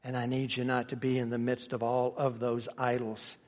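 A man preaching a sermon as pastor, moving from quiet teaching to loud, emphatic appeals. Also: mid-range voice, monotone, moderate pace, big-room sound. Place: church sanctuary.

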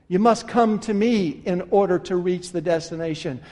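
A man preaching a sermon, telling an animated story and acting out the folksy dialogue of its characters. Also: high voice, normal speed, hardly any pauses, big-room sound. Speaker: pastor.

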